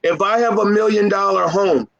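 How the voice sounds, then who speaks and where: A man with a high-pitched speaking voice gives business advice to carpet cleaners. He talks in a fired-up, emphatic way, repeats his key points and teases his audience. The sound is dry and close, with no room echo. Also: moderate pace, gravelly, fairly bright tone, dull audio. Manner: emphatic, fired-up and repetitive, teasing his listeners. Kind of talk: informal motivational business talk.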